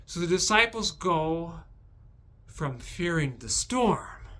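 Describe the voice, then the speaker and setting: A man hosting a devotional video, recapping Bible passages with animated, emphatic storytelling. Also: on the high side, slow pace.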